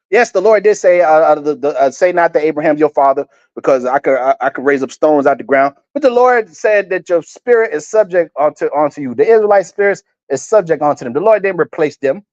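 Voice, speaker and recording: Man, high voice, crude street preaching, stumbles over words, dull lo-fi sound. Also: a little mellow, no echo. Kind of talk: scripture reading with profane commentary.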